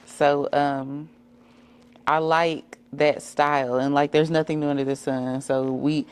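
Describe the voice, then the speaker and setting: Woman, podcast host, relaxed and encouraging, deep voice. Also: a little slow, clear, resonant tone. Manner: relaxed, encouraging interviewer, asks open questions. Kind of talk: casual podcast interview.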